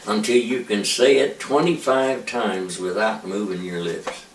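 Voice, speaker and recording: A man, a preacher, giving an informal ventriloquism lesson with slow, patient, drawn-out demonstrations. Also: lowish voice, fairly even intonation, background noise. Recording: echoey room, mic far off.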